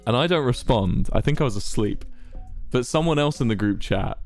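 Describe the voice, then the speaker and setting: A man's voice: medium pitch, expressive, normal speed. A young man streams and chats, his voice swinging up and down a lot as he tells a rambling anecdote. He is casual and self-amused, and a little music plays faintly under his talk. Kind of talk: casual storytelling to chat.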